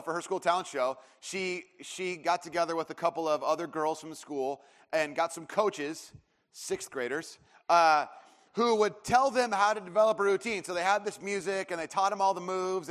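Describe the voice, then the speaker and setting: A man in his thirties preaches a sermon in a loose, storytelling way, circling back through fillers and restarts before he lands each point. His voice sits a little higher than most men's, and it rings out with a long reverb, as if in a large hall. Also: fairly bright tone. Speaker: pastor.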